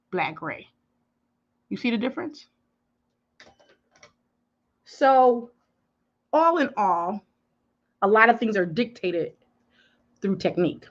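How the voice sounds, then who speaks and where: A woman hosting a live makeup tutorial, chatting emphatically with her viewers and answering their comments. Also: mid-range voice. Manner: animated, emphatic. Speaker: beauty influencer. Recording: dull lo-fi livestream audio.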